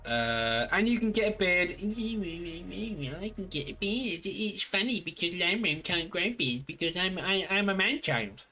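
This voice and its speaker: Lively, rambling man streaming. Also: sits high, normal speed, few pauses, soft background music. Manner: rambling, playful, teasing, with filler-heavy restarts. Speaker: game streamer. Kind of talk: casual live-stream chat with viewers.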